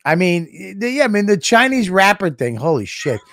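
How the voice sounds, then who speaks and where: Excitable male podcast host. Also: sits high, normal speed, no room sound, studio quality. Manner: excitable, swears and laughs a lot. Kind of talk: casual podcast chat.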